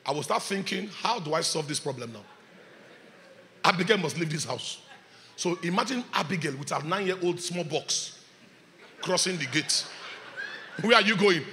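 A man preaching a sermon, his voice high and bright with a forceful edge. He swings from loud shouts to hushed asides with a very lively pitch. The sound carries a long hall reverb. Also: normal speed, long pauses. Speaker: pastor. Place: church hall.

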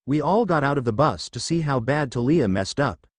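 A man reading a first-person fan fiction story aloud in a casual, lively way. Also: medium pitch, fairly quick, no room sound. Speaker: narrator.

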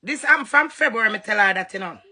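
A woman's voice: medium pitch, expressive, fast, bright, forceful tone, breathy edge. A Jamaican woman on a live stream, scolding another woman in a heated, confrontational rant, often mimicking what others said. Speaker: social media personality on a live stream.

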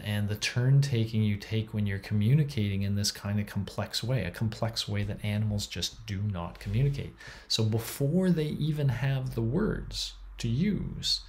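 A man giving a university psychology lecture in a chatty, enthusiastic way, with many fillers and restarts. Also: lowish voice.

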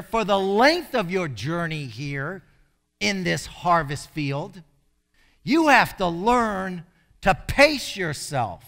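Animated, high-voiced male preacher. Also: gravelly. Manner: animated, emphatic preaching with sudden loud bursts. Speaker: pastor. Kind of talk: sermon.

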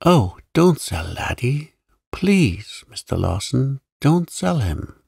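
A man voicing a timid twelve-year-old orphan boy who pleads in a choked voice, in a calm bedtime story reading. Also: mid-range voice, slow, gravelly, slightly rough, no room sound, studio quality, pitched above the performer's own voice, exaggerated voice. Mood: pleading.

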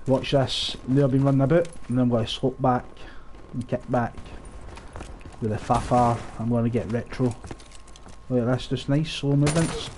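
With a warm, steady, medium-pitched voice at normal speed, a young streamer narrates his shooter gameplay from home on a headset. Slight background noise accompanies his sweary, sarcastic commentary and frequent laughter.

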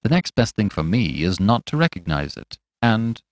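A man's voice: on the low side, very animated, normal speed, dry recording. A man voicing a reckless young doctor who talks in a cool, sneering, worldly way.

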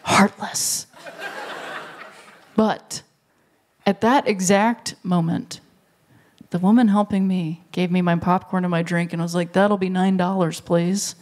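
A stand-up comic in their thirties telling a long story on a live stage, briefly acting out the people in it with quick voices. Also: mid-range voice, level tone. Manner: storytelling, acts out characters in quick bursts. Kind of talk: stand-up comedy set. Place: live stage before an audience. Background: audience laughter.

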